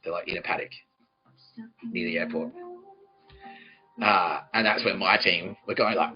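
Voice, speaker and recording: A man in his forties rants through a comic story, swearing freely in a somewhat low voice. The audio is slightly dull and lo-fi, with faint music underneath. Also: fairly even intonation, measured pace, long pauses. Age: 40s. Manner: profane, ranting, mock-angry. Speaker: podcast host. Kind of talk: comedic storytelling monologue.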